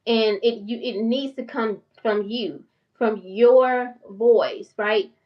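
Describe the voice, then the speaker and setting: A woman in her forties with a country North Carolina accent, talking fast and passionately to her viewers in a casual vlog. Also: a little high, recorded from a distance, highs cut off. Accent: Southern US, North Carolina country. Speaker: channel host and therapist.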